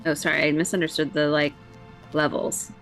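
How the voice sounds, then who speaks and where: A woman's voice: deep voice, level tone, brisk, soft background music. A woman streaming a game in casual, playful chat, giggling as she recaps events.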